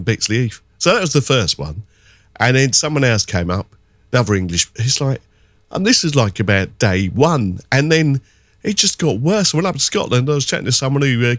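Animated middle-aged man telling a rambling story. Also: fairly low pitch, dry recording, studio quality. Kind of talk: casual spoken anecdote.

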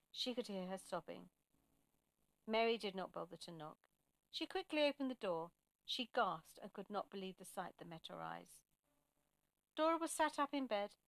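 A woman reading a story aloud in a gentle, measured narration. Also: mid-range voice, vocal fry, no room sound.

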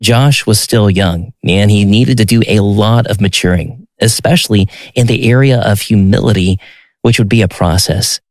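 A man reading measured, scripted narration for a documentary. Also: lowish voice, a little mellow, no room sound.

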